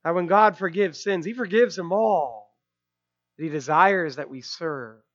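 A man's voice: sits high, a little slow, fairly bright tone, dull audio. A man preaching a sermon, emphatic, with rhetorical asides and repeated phrases. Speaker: pastor.

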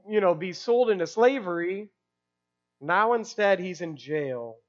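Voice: mid-range voice, lo-fi sound. A preacher giving an expository sermon in a conversational way, asking rhetorical questions and using casual fillers.

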